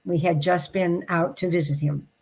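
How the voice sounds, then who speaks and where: A woman with a somewhat low voice tells a personal story as an interview guest. She sounds heartfelt and reflective, and she lets her pace slow when the story turns tender. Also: fairly even intonation, darkish tone, breathy edge. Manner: heartfelt, reflective, slows down for emotional moments.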